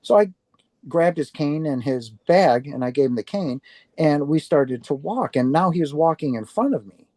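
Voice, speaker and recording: A man with a mellow, warm voice tells his story as an interview guest, animating the back-and-forth and stumbling into quick restarts. The sound is close and dry, with no room around it. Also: a little high, no echo. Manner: animated, acts out quoted dialogue with restarts. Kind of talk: casual storytelling.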